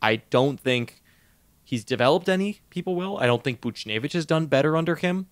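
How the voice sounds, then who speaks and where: A man co-hosting a podcast in casual sports chat, animated, laughing often and tripping over his words. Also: fairly high pitch, a little fast, no room sound. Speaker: podcast co-host.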